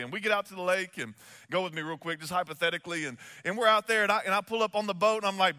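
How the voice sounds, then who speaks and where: A man preaching as a pastor, telling stories in a chatty, animated way full of fillers. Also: a little high, fast talker, long reverb tail. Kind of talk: sermon with storytelling.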